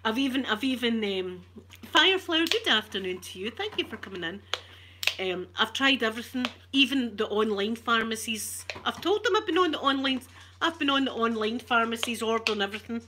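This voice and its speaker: A woman's voice: a little high, lively intonation, a little fast, noisy background. A Scottish woman chatting on an ASMR live stream, ranting with animation and swearing freely. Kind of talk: casual live-stream chat.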